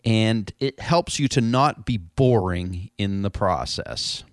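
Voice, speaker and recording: A man's voice: fairly low pitch, lively intonation, slow, dry recording. A man hosting a casual industry podcast in a studio, chatty and upbeat, with many fillers and restarts. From Canada. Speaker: podcast host.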